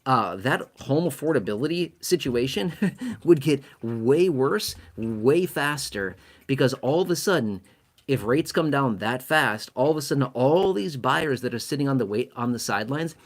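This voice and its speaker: A man's voice: mid-range voice, expressive, normal speed. A man giving casual money commentary to camera, emphatic and self-mocking, stacking up repeated words for stress. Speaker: finance commentator.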